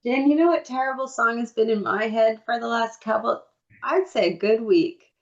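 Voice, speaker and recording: A woman's voice: a little high, moderate pace. Woman co-host on a dull lo-fi mic. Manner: lively storyteller who acts out quotes. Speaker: podcast co-host. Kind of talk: casual chat. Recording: dull lo-fi recording.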